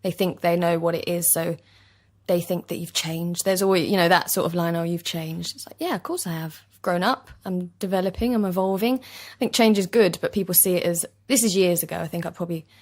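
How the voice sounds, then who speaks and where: A woman's voice: fairly low pitch, darkish tone. A young woman from East London with an East London accent, a chatty and agreeable actor guest talking in an interview. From East London, England. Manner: chatty, agreeable, quick to laugh. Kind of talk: casual interview chat. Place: basement recording studio.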